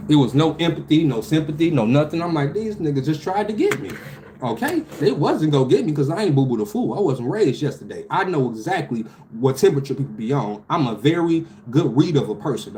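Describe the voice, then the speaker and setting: A man, animated and profane, telling a story about his delivery job with loud outbursts. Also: mid-range voice, brisk, a little hiss or hum. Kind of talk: casual storytelling vlog.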